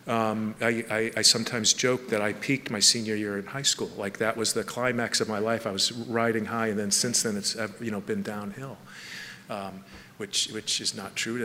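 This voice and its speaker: A middle-aged man from Southern California giving a personal testimony to an audience, halting, with many restarts and repeated words. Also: on the low side, bright, forceful tone, a little hiss or hum. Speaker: speaker sharing testimony. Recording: long hall reverb, faint ambience.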